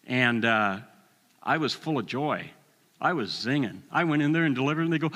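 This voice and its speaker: Bright-voiced older man preaching in a hall. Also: mid-range voice, normal speed. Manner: animated storytelling, acts out voices with chuckles. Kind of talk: sermon with personal story.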